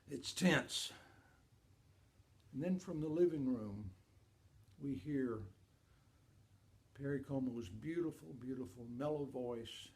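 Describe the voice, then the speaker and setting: An older man from Kentucky telling a personal story to an audience, animated, swinging between loud and hushed. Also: medium pitch.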